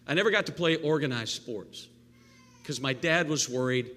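A male pastor giving a live sermon, animated and playful, with jokey asides and call-and-response with the congregation. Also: mid-range voice, normal speed, a little hiss or hum. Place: church sanctuary. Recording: long reverb of a church hall.

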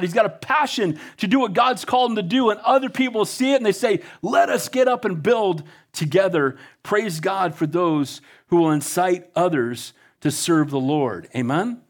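A male pastor delivers a sermon with fervent energy. His voice sits a little on the high side. He reads scripture aloud and urges his listeners on.

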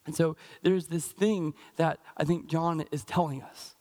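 An American man delivering a relaxed sermon from the pulpit. His voice sits a little higher than most men's. He talks informally, full of fillers and restarts, and draws out the scripture passages slowly. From Pacific Northwest, United States. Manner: slows down and stretches out scripture readings. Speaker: pastor. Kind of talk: conversational sermon.

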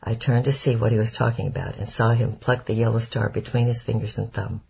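Gravelly, husky male audiobook narrator. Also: medium pitch, flat delivery, brisk, darkish tone, poor audio. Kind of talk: scripted narration.

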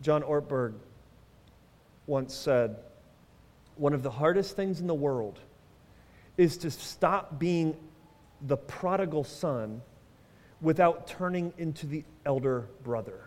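Male pastor with a high voice, preaching to his congregation with questions and dry jokes; long echo of a big church hall. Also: slow pace, pauses often. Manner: conversational preaching, asks the congregation questions, wry humor. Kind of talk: sermon. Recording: long reverb of a large hall.

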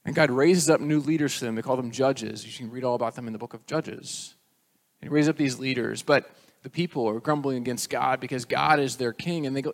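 A man preaching a sermon, retelling scripture as a lively story and acting out the quoted voices. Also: medium pitch, brisk, creaky. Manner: storytelling, acts out quoted voices with rising energy. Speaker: pastor.

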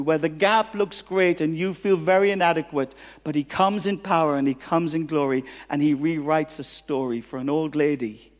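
A man preaching as a guest pastor, telling stories with humor and acting out the dialogue. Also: on the high side. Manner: animated, humorous, acts out dialogue. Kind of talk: sermon with storytelling. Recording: long reverb of a hall.

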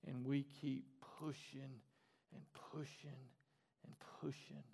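Man, pastor, sermon, animated, repetitive emphasis, long reverb. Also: medium pitch, slow, creaky, husky. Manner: animated, conversational, repeating phrases for emphasis. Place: church auditorium stage. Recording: long reverb in a large hall.

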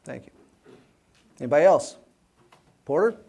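A man's voice: on the high side, animated, moderate pace, gravelly, dark tone, breathy edge. Man teaching a Sunday school class. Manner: reads scripture aloud with emphasis, then leads group discussion. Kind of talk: Bible class teaching with discussion.

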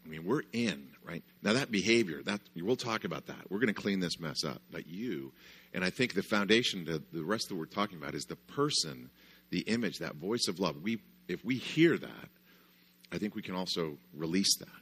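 Husky lively man speaking at church. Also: deep voice, normal speed. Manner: conversational, lots of "right?" asides. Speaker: conference speaker. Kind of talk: storytelling parenting talk. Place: church conference stage.

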